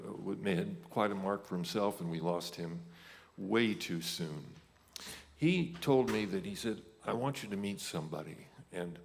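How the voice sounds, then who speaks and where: An older man giving a halting, reminiscing ceremony speech, with many pauses. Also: low voice, gravelly. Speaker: inductee presenter. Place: ceremony hall. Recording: hall reverb.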